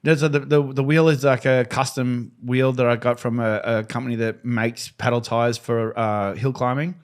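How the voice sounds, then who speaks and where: A man guest on a podcast, telling his stunt stories in a casual, animated way and acting out the voices of the people in them. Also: mid-range voice, normal speed, clean tone. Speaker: podcast guest, freestyle motocross rider. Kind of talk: casual storytelling.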